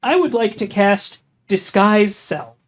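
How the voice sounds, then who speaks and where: A player in a tabletop game, deliberate and playful in how they talk. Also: mid-range voice, lively intonation. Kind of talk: casual tabletop play.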